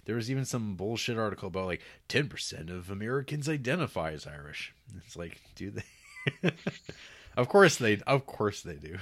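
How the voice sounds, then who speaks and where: Low-voiced man rambling in casual chat. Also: sing-song, normal speed, fairly bright tone. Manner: rambling, stammering restarts, laughs along. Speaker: podcast host. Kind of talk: casual chat, reading listener emails.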